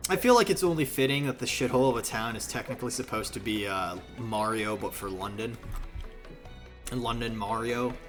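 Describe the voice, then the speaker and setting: A man's voice: medium pitch, fairly quick, over music. A man streaming a video game who rambles casually, makes fun of himself and swears freely. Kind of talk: casual gaming stream commentary.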